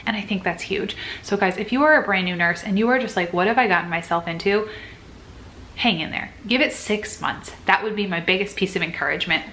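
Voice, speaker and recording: A woman's voice: medium pitch, a little fast, pushed and bright, a little hiss or hum. A young woman, a nurse, talking casually and earnestly to camera, acting out her own past worries as she goes. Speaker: nurse sharing advice. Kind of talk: casual vlog chat.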